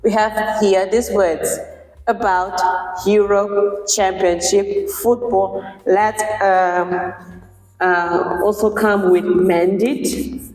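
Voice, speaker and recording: A woman teaching a pronunciation lesson, patiently explaining and slowly repeating words to model their sounds. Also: mid-range voice, steady tone, a little mellow. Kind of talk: slow, deliberate lesson explanation. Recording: echoey room with long reverb, faint music.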